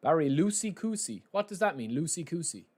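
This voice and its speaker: A man streaming a football game, talking in a chatty, joking way straight to his viewers. His voice sits a little higher than most men's. The commentary stays loose and casual throughout. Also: sing-song, brisk, a little mellow, husky. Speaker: gaming streamer. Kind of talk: casual live gameplay commentary.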